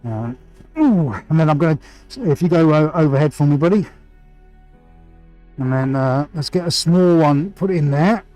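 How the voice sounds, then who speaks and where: A man's voice: fairly high pitch, normal speed, long pauses, mellow, faint music behind, poor audio. A man hosting a live painting stream, chatting energetically and greeting viewers by name. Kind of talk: casual live-stream chat while painting.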